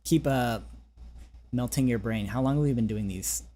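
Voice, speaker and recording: A man coaching singing in a relaxed online session, talking gently with many restarts and fillers, now and then singing a few scale notes. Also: mid-range voice, moderate pace. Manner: sings short scale demos. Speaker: vocal coach. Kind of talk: casual vocal lesson over a call.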